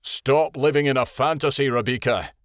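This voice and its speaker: A man's voice: medium pitch, normal speed, dry recording, studio quality, voice pushed up, lightly acted. A man voicing a serious, protective young male wolf. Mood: stern. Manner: stern, urgent.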